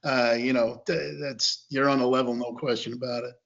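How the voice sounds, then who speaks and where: A man's voice: medium pitch, level tone, moderate pace, a bit bright. A man hosting a fan podcast, asking loose conversational questions of his guest. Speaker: podcast host. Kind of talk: casual interview questions. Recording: muffled podcast audio.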